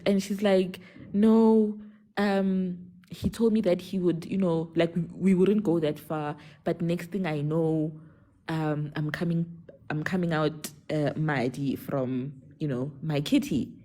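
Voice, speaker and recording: A young South African woman telling a personal story on a live call, animated, code-switching between English and a local language. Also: on the low side, a little slow. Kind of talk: casual storytelling on a live stream.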